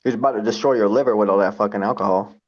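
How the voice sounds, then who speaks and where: A man co-hosting a casual video call chat, talking fast and excitably and swearing. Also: lowish voice, a little hiss or hum. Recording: dull lo-fi call audio.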